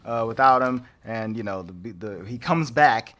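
Bright, lively man retelling a movie. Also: medium pitch, a little slow. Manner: animated storyteller, laughs often, acts out characters. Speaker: podcast host. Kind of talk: casual chat recapping a film.

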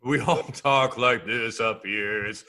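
The ghost of a young soldier, calmly deadpan about being dead, as a man plays him in improv comedy. He talks slowly in a bright, lilting voice. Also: a little high, full character voice.

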